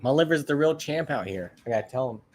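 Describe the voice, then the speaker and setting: Fast and expressive, with a mid-range, darkish tone, a man chats with viewers on his livestream, rambling bluntly, cursing, and repeating himself often.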